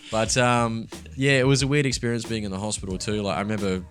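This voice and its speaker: A man's voice: fairly low pitch, fast, music in the background. A young man talking candidly and casually as a podcast co-host, swearing freely and laughing as he tells his story. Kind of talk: casual chat.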